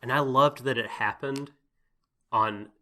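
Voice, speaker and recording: A man with a bright, forward tone co-hosts a casual podcast. He talks in a thoughtful, hedging way and laughs easily. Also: medium pitch, a little slow. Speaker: podcast co-host.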